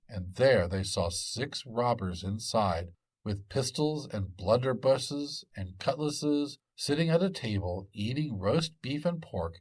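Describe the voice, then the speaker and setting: A man narrating a folk tale in an expressive storytelling manner. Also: on the low side, husky. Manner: expressive and lively.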